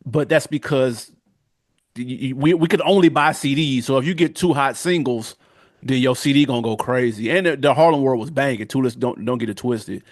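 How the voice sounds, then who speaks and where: A man's voice: mid-range voice, a little fast, dry recording, clean studio sound. Opinionated man in casual podcast talk. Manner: animated, opinionated, drives points home. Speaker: podcast co-host. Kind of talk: casual chat.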